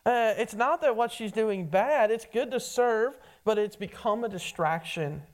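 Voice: medium pitch, expressive, unhurried. Conversational preacher with stammered restarts. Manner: addresses listeners as friend, frequent stammered restarts. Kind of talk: conversational sermon.

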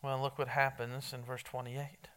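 A man's voice: mid-range voice, level tone, normal speed, fairly bright tone. A man preaching an evening sermon in a conversational, emphatic way, quizzing his congregation. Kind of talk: evening sermon with Bible reading.

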